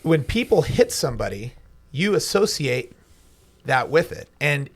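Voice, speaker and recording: A man's voice: fairly high pitch, big pitch swings, measured pace. A man on a podcast telling a personal story with emphasis and quoted dialogue. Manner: storytelling, emphatic, talks with his hands in quotes. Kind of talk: casual podcast conversation.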